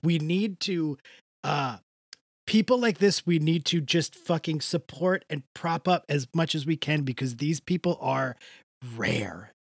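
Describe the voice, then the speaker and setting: Podcast co-host, casual chat, passionate, swearing, animated pitch, dry sound. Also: measured pace, no room sound. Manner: passionate, swears a lot, emotional rants.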